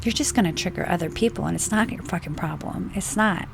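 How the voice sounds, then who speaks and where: A woman giving an emphatic, unscripted spiritual monologue, stressing points with swearing and slow, deliberate phrasing. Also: lowish voice, gravelly, background noise. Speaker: spiritual channel host.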